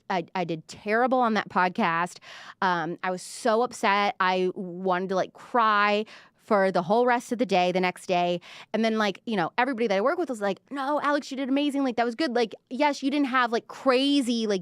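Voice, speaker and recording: A woman's voice: mid-range voice, no room sound, clean studio sound. A young woman hosting a pop culture show, talking casually and self-deprecatingly with lots of fillers and playful quoted voices. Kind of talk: casual chat to camera.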